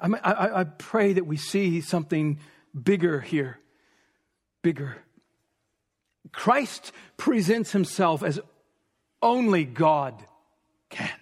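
A man with a high voice preaches a sermon at an unhurried pace, leaning on repeated phrases and sometimes sinking to a near whisper. His voice rings with the long reverb of a large church hall. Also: expressive, breathy edge. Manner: emphatic, repeating phrases, dropping to a hush for stress.

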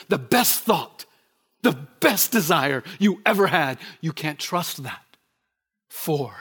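A man preaching a sermon, emphatic, repeating key phrases and swinging from loud declarations to hushed words. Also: on the high side. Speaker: pastor.

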